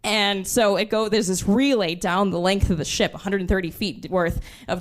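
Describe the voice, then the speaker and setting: A woman in her twenties telling a true story on stage, animated and laughing as she goes. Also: medium pitch, normal speed, few pauses. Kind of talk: live storytelling.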